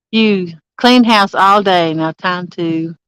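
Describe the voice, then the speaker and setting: A woman's voice: medium pitch, clear, resonant tone, no room sound, rough recording. A woman chatting casually on a live stream from a campsite, greeting viewers by name and laughing often. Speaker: livestreaming angler. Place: campsite outdoors.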